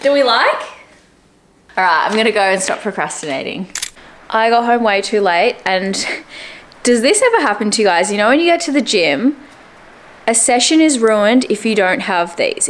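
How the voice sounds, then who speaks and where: A chatty young woman vlogs at home against slight background noise. As a fitness vlogger chatting casually to camera, she keeps things upbeat and lapses into squeaky baby talk for her dog.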